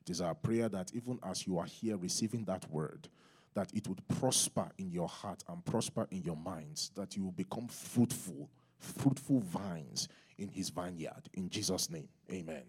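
Husky-voiced Nigerian pastor preaching. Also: male voice, moderate pace. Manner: exhorting the congregation to respond aloud; rises higher and louder when teaching. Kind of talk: sermon.

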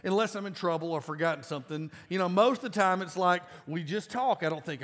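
A man in his forties preaching a sermon to a congregation in a casual, emphatic way that breaks into loud bursts. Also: high-pitched, animated, moderate pace, hardly any pauses. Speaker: pastor. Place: large church auditorium. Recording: live church sound with long reverb.

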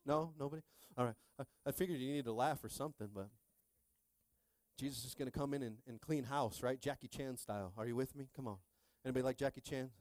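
A male pastor in his thirties preaches fast at a medium pitch, calling out to his congregation and swinging between quiet asides and shouting. The recording has no echo.

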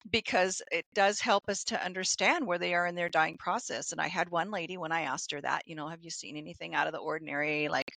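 A woman's voice: lowish voice, fast talker, creaky, hardly any pauses, bright, forceful tone, no room sound, poor audio. A woman who works as a hospice nurse, telling end-of-life stories in a casual, matter-of-fact podcast chat.

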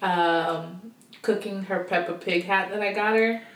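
A woman chatting casually as a podcast co-host. She reacts quickly, teases and laughs easily. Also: medium pitch, steady tone, far from the mic. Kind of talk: casual chat. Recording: roomy echo, set back from the mic.

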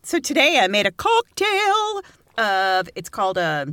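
A woman's voice: medium pitch, very animated, a little slow, sharp tone, dry recording. A woman co-hosting a podcast in casual chat, joking and sarcastic, laughing often with crude, irreverent humor. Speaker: podcast co-host.

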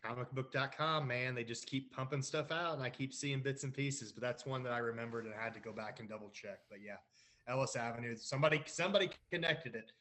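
A man co-hosting in a relaxed, conversational way that sometimes speeds up. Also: medium pitch, fast. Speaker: co-host. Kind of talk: casual chat.

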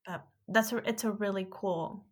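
A woman in her thirties from California, co-hosting a podcast and telling stories in casual chat, acting out quotes. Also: moderate pace. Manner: chatty storyteller, acts out quotes in a higher voice. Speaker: podcast co-host.

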